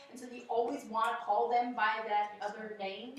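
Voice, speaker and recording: High bright teacher in echoey classroom. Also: female voice, fairly even intonation, a little fast, few pauses, far from the mic. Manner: conversational, frequent "okay?" check-ins. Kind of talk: classroom lecture.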